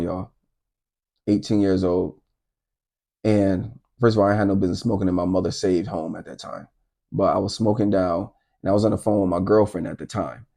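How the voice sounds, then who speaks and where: A middle-aged man shares his testimony in a relaxed storytelling vlog, speaking straight to his audience. His voice sits low with a gravelly edge, and the tone is dark and mellow. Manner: animated, addresses viewers directly. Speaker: content creator telling his testimony. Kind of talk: casual storytelling to camera.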